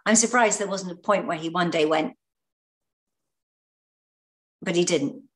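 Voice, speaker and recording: An English actress recalling stories in an interview, hesitant, often repeating words and laughing. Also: female voice, fairly low pitch, a little slow. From Britain. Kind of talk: anecdotal interview talk.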